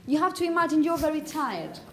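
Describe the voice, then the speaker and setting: A woman teaching a pronunciation class, calling on students and asking "okay?" often, and repeating words slowly. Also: sits high, lively intonation. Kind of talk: classroom phonetics lesson.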